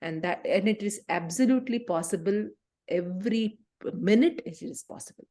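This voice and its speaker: A woman's voice: medium pitch, normal speed, dark tone. Woman, workshop facilitator, earnest, enthusiastic, repeats words. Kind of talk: reflective workshop talk.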